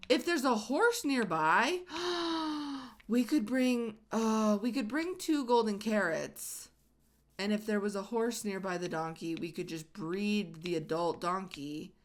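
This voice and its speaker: A woman's voice: on the low side, a little hiss or hum. A woman hosting a casual let's-play, chatting and rambling with lots of "like" fillers as she plays. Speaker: gaming channel host.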